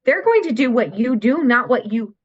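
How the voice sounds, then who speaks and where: A woman's voice: fairly high pitch, animated, normal speed, slightly rough. A middle-aged woman, a mentor for teens, explaining earnestly and patiently as a guest in an interview. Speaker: guest, teen mindset mentor. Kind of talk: podcast interview conversation. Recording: dull lo-fi sound.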